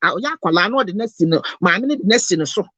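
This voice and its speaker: A woman's voice: mid-range voice, animated, racing, fairly bright tone, no echo. A Ghanaian woman talking passionately, mixing Twi and English in an emotional, preachy lecture. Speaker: host.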